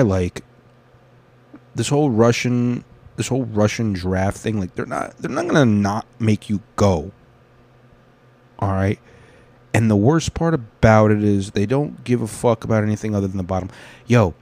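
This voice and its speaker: A man hosting a solo talk show, rambling in a profane, excitable rant and reading an article aloud. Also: lowish voice, dry recording. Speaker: podcast host.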